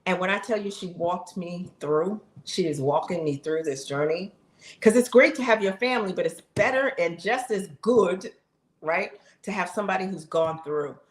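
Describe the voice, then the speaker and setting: Here a woman in her fifties talks to her viewers at a normal speed with a lowish voice. Her vlog style is casual, heartfelt, emphatic and chatty, aimed right at the audience, with echo from the room.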